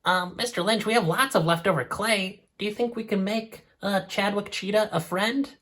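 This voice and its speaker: A man's voice: sits high, moderate pace, fairly bright tone, voice pushed up. A man doing a timid squirrel puppet.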